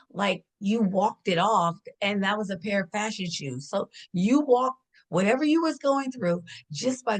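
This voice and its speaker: A middle-aged woman from Washington D.C., a hair stylist, chatting casually in an interview and telling animated stories, laughing often and acting out the voices of the people she quotes. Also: medium pitch.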